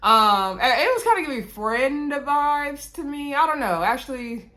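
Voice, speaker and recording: This is a woman casually recapping a reality TV episode. She talks in a chatty, gossipy way and throws sassy asides into the story. Her voice rises high for emphasis, then drops low for dry comments. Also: big pitch swings, unhurried, sharp tone. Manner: chatty, sassy asides, big pitch swings.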